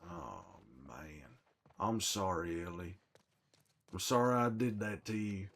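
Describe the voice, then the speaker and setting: Guy doing a grizzled protective survivor, cussing and blaming himself, talks slow, game stream in character. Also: sits low, animated, a bit bright, heavily acted. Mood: bitter, remorseful. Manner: swears a lot, berates himself. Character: grizzled middle-aged male survivor, protective and hot-tempered. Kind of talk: in-character gameplay commentary.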